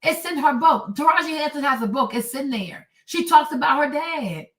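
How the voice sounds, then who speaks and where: A woman's voice: high voice, animated, moderate pace, a bit bright. A woman hosting a commentary show, reacting to clips with indignant, mocking sarcasm. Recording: echoey room, distant mic.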